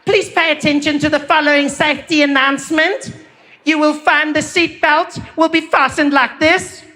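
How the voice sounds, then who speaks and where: A man voicing a female flight attendant who reads the safety announcement slowly and formally. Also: extremely high pitch, fairly even intonation, bright, forceful tone, pitched above the performer's own voice.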